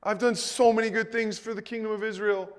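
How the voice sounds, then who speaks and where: A man's voice: high-pitched, little pitch movement, a little fast, clear, resonant tone, long reverb tail, voice pushed up, close to an everyday voice. A man playing a pleading, sickly king. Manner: earnest pleading, then showing off. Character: pleading sick old king, later boastful.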